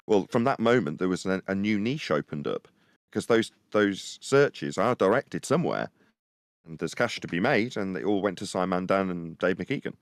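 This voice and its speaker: Male co-host, very low voice, dry close sound, rambling and animated. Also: normal speed, no room sound. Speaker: podcast co-host. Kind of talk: casual live-stream discussion.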